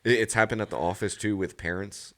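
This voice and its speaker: Man, 30s, very deep voice, podcast guest, rambling anecdotes, chuckles often. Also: steady tone, fast, a bit bright. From United States. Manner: rambling anecdotes with restarts, laughs at own stories. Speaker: podcast guest, Marine gunnery sergeant. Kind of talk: casual storytelling interview.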